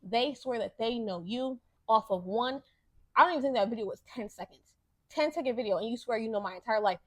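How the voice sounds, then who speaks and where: Her slightly high voice moves briskly through a casual podcast monologue, captured with a dry, close sound. The young host swears freely while telling candid stories and heats up whenever she starts ranting.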